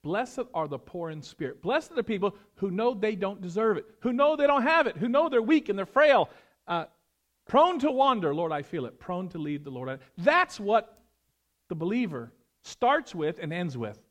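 A male pastor preaching a sermon, animated, swinging between loud emphasis and hushed, prayerful tones. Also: high voice, moderate pace.

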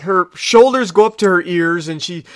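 A man's voice: sits high, moderate pace, clear, resonant tone, no room sound, studio quality. A man co-hosting a podcast, recapping an episode in loose, rambling casual chat full of fillers and restarts. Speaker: podcast co-host.

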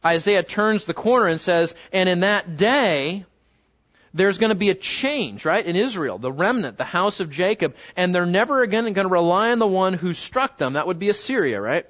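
A man teaching a Bible study to a live group, talking conversationally, often putting questions to the class and slowing down to read scripture aloud. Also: high-pitched, expressive, a bit bright. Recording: dull lo-fi recording.

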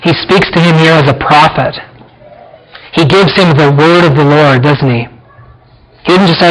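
A man's voice: on the high side, normal speed, a bit bright, low-quality recording. A man preaching a sermon as pastor, earnest, with frequent rhetorical questions to the congregation.

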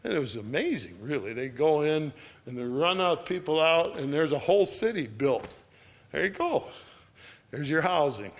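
A man preaching a verse-by-verse sermon in casual, homespun speech, checking in with "all right?" and reading scripture louder and quicker than his comments. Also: a little high, big pitch swings.

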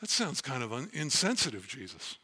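A man's voice: mid-range voice, huge pitch swings, normal speed, sharp tone, breathy edge. A man preaching a sermon as pastor, earnest and emphatic as he reads and explains scripture.

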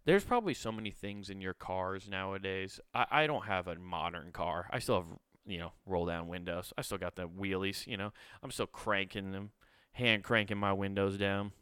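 A man hosts a solo podcast at normal speed, his fairly bright, clean voice ranting with lots of swearing. Every so often he mocks people in a high, sneering voice; the studio sound is clean with no echo.

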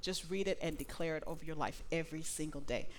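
A woman preaching a sermon to a live congregation, animated and playful, acting out little dialogues. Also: sits low, fast, a little hiss or hum. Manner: animated, laughing asides, acts out dialogue.

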